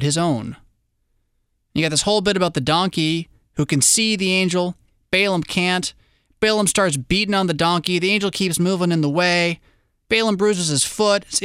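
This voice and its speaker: A man preaching a sermon in a conversational way, with wry asides and quick digressions. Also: on the high side, bright, forceful tone, clean tone, no echo, clean studio sound. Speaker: pastor.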